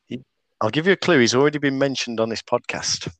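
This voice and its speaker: A man's voice: mid-range voice, quick pace, a bit bright, no echo. A man from Britain hosting a casual podcast, upbeat and joking as he runs the segments. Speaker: podcast host. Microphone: headset or desk mic with earphones.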